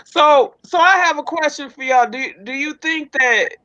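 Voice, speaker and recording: Bright woman on dull lo-fi audio. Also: sits high, normal speed. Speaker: panelist. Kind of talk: casual panel chat.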